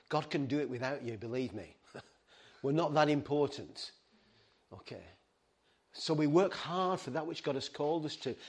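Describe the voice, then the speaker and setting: A middle-aged man with a mid-range, slightly mellow voice preaches a sermon to a ministry team. He's earnest and pleading, stumbling over his words and restarting.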